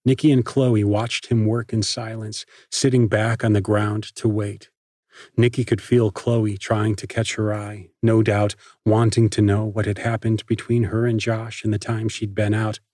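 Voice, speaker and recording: Husky male audiobook narrator. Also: lowish voice, level tone, unhurried, a little mellow, dry recording, studio quality. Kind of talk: scripted narration.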